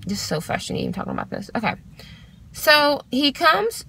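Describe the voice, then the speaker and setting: High, lively young woman ranting. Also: creaky, a little hiss or hum. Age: 20s. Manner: animated, exasperated, swears freely. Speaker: vlogger. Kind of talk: casual storytime rant.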